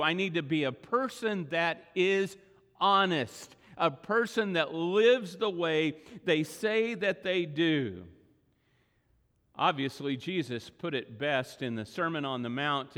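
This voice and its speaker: A middle-aged man preaching a sermon as pastor, earnest and emphatic, slowing down to stress key words. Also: a little high, a bit bright. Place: church sanctuary. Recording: long hall reverb.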